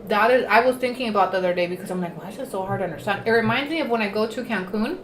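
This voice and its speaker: A woman's voice: mid-range voice, rapid-fire. A woman hosting a casual livestream, talking chattily while eating and mixing Spanish words into her English. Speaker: livestream host. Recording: echoey room, faint noise.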